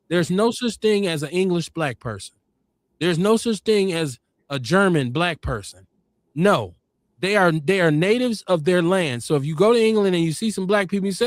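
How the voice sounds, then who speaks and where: A man hosting a podcast, telling stories and arguing his points in an animated, emphatic way. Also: high-pitched, normal speed, no echo, studio quality. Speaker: podcast host. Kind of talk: casual debate talk.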